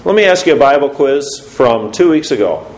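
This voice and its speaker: Lively preacher in an echoey church. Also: male voice, mid-range voice, moderate pace, slight background noise. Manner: quizzes the congregation with questions. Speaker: pastor. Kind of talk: sermon. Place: church sanctuary. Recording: roomy church echo.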